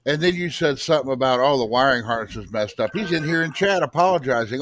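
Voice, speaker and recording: A man in a casual chat, lively and stumbling over his words. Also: mid-range voice, fast.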